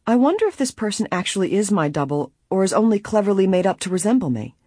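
Brief: narrator voicing a keen young woman sleuth, raised breathy tone. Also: mid-range voice, big pitch swings, quick pace, darkish tone, no room sound, clean studio sound, voice pushed up. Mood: eager. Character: young woman amateur detective, eager.

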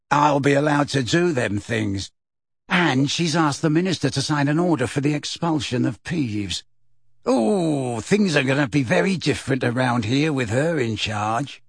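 A man's voice: a little high, lively intonation, moderate pace, breathy edge, no room sound, studio quality. A man voicing a leering, nasty old male school caretaker who wheezes and gloats. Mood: gloating. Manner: gloating, chuckling menace.

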